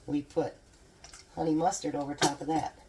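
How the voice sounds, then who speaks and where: A woman's voice: low-pitched, little pitch movement, moderate pace, noisy background. A woman chatting casually to camera while she cooks and tastes food in her home kitchen, with a chatty, homey manner. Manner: chatty, homey, talks while eating and tasting. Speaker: home cooking vlogger. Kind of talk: casual cooking chat to camera.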